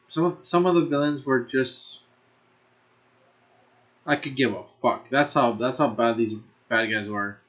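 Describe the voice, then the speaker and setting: A man's voice: fairly high pitch, fairly bright tone, lo-fi sound. A man ranking anime in a casual video, rambling and restarting his sentences, laughing often and cursing freely. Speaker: anime reviewer.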